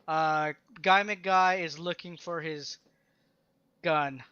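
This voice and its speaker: A man's voice: fairly high pitch, fairly even intonation, takes it slowly, sharp tone, clear, resonant tone, dry recording, lo-fi sound. A man running a tabletop game as game master, talking casually with frequent fillers and restarts.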